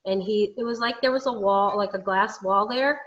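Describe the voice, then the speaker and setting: A woman's voice: mid-range voice, moderate pace, a bit bright. A woman medium giving a radio interview, talking earnestly and reflectively, often restarting her sentences. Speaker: medium, guest. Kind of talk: personal interview talk. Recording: lo-fi call audio.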